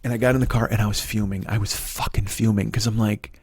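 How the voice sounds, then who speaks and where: A man's voice: on the low side, steady tone, fast, breathy edge, no echo, studio quality. A man, a comedian telling a long, profane story that builds into ranting. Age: 40s. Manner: profane, ranting retelling with shouted quotes. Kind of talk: storytelling monologue.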